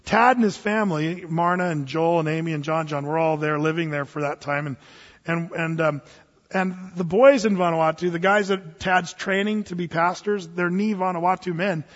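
A high-voiced man preaches a sermon, spinning a funny story with restarts and sudden loud bursts. His voice rings with long reverb through a hall. The sound is dull and muffled. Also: steady tone, moderate pace. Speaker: pastor.

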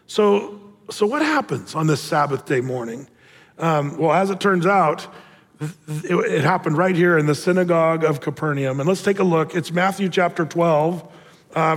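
Animated high-voiced male preacher. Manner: animated storytelling, acts out voices. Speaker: pastor. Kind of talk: sermon. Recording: reverberant hall.

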